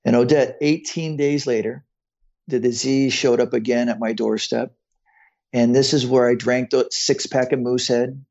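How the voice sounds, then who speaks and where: A man's voice: medium pitch, steady tone, normal speed, creaky, a little mellow, dull audio. A man in his fifties, a podcast guest, earnestly telling his own story and often repeating words as he goes. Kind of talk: personal storytelling in conversation.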